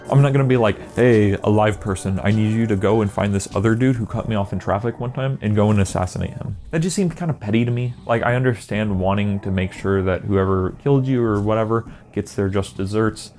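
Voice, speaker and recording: A man rants in a comedic monologue, sarcastic and exasperated, tossing in exaggerated asides. His voice sits low and sounds mellow and relaxed, with soft music playing faintly underneath. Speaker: video creator. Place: indoor green-screen setup.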